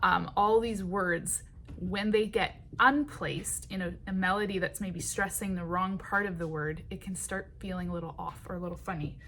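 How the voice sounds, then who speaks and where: A woman teaching songwriting in a patient, unhurried way, with many ums and short sung phrases. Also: fairly low pitch, fairly even intonation, a bit bright, slight background noise.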